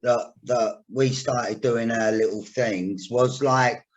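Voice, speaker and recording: A man's voice: mid-range voice, fairly even intonation, takes it slowly, highs cut off. A man, hosting a podcast and telling stories in a chatty way, with casual swearing. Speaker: podcast host.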